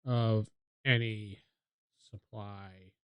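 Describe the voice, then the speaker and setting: A man's voice: fairly low pitch, level tone, very slow, clean tone, no echo, highs cut off. A man playing a tabletop game with a friend, thinking aloud as he works out rulings. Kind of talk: casual tabletop game play.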